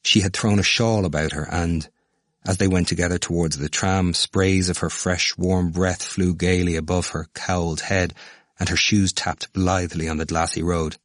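Brief: male audiobook narrator, very low voice, measured and even, dry close recording. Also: no room sound.

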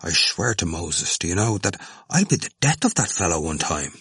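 A man reading a probing, sardonic young male student whose questions rise and fall, with a low, dry voice. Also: sing-song, moderate pace, a bit bright, husky, dry recording, full character voice.

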